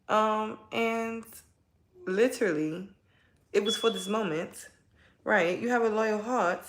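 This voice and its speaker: This tarot reader has a medium-pitched voice captured with a roomy sound. She's at home, kids close by, giving viewers a relaxed reading and chatting to them warmly and sincerely.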